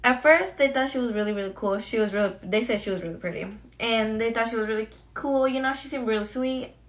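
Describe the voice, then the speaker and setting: This time the beauty vlogger talks quickly in a slightly high voice. As she gets ready, she chats through her storytime in a friendly, slangy manner aimed at her viewers.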